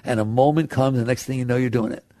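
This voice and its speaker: A man's voice: medium pitch, steady tone, quick pace, warm tone, no echo. A man giving a spiritual talk to an audience, conversational, laughing often and asking rhetorical questions. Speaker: spiritual teacher.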